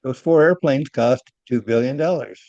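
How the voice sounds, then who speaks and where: An older man recounting his engineering days in a halting, repetitive way, with little chuckles along the way. The sound is a bit dull and very dry, as if recorded close up. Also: medium pitch, a little mellow, no room sound. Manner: halting, repeats words, chuckles at own stories. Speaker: retired aircraft engineer guest. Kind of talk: casual interview talk.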